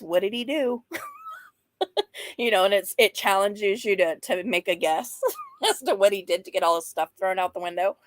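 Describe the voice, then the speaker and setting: A woman's voice: mid-range voice, no echo. A frank, chatty woman in her fifties talks her viewers through a mental health topic. She laughs often and drifts into playful asides. The sound is dry and close, with little room around it. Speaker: host of a mental health livestream. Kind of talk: casual talk reading slides and chatting with viewers.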